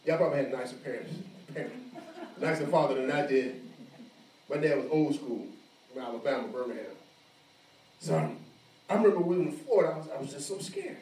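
A man preaching an animated sermon, acting out the voices of the people in his story. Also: mid-range voice, a little fast, long pauses, a little hiss or hum. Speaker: pastor. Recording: echoey room, mic at a distance.

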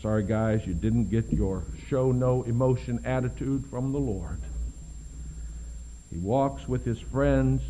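A man preaching a sermon with expressive delivery, dropping to soft hushed lows and rising to loud emphatic peaks, slowing down to stress key words. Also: a little hiss or hum, low-quality recording.

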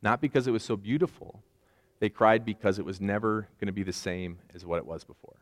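A man's voice: lowish voice, fairly quick, in a large hall. A man in his forties preaching a conversational sermon with self-deprecating asides. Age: 40s. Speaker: pastor.

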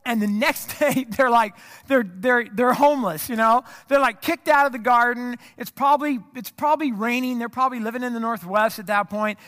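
Man, pastor, casual sermon, self-deprecating storytelling, very high voice, bright tone. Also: a little fast, hardly any pauses.

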